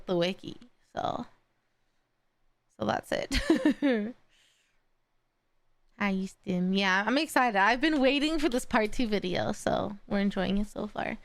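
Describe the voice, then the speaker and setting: A woman streamer chatting casually on a live stream, excitable and swearing freely. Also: mid-range voice, no echo. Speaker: streamer reacting to a video.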